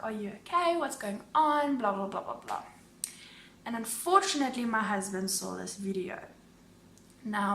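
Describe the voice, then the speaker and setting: Lady vlogger doing a storytime, bright voice, kinda high, echoey room. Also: slight background noise. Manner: animated storytelling, acting out both sides of phone calls. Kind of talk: storytime vlog.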